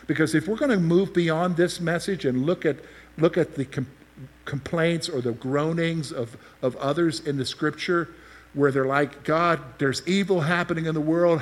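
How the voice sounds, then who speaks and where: A man preaching a sermon, explaining scripture and asking the listeners questions as he teaches. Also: fairly high pitch. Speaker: pastor.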